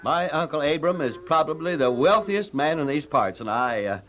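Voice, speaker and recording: A man's voice: on the high side, lively intonation, normal speed, fairly bright tone, soft background music. An actor playing a hesitant, stammering wealthy man in a dramatized audio Bible story.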